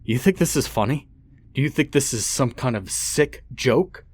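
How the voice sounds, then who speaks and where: A man's voice: fairly low pitch, measured pace, slightly rough. A man voicing a violent, abusive father who roars and curses menacingly. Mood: roaring. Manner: roaring, cursing, menacing.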